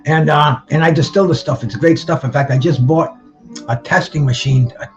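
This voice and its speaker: A man hosts a live boxing chat stream, rambling along, restarting his sentences and greeting viewers by name. His voice sits a little high for a man. The sound is dull and lo-fi, with faint music playing underneath. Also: moderate pace. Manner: restarts and repeats words often.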